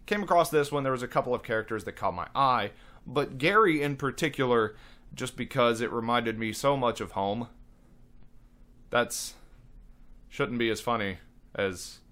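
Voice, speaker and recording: A man chats about his voice acting work in a casual, rambling interview. His tone is bright and forceful, and he is self-deprecating. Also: medium pitch. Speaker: voice actor.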